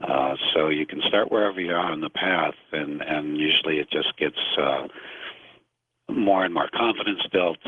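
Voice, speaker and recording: A man who is a guest on a radio show, answering questions in a soft-spoken, hesitant way with many fillers. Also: very deep voice, moderate pace, husky, dry recording. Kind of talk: interview answers. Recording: phone-like, dry.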